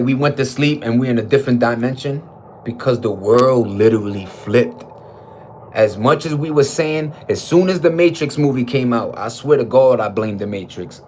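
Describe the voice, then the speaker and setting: Middle-aged guy, mid-pitched, slangy and profane, talking-to-camera opinion rant. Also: a little hiss or hum, rough recording. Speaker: vlogger. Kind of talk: casual talking-to-camera monologue.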